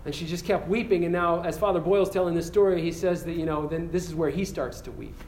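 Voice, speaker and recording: A man preaching to students in an earnest storytelling manner, his voice sitting a little high. He stumbles and restarts often, then slows into a hushed prayer. The room is echoey with a faint hum of ambience. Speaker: campus pastor. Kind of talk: sermon ending in prayer.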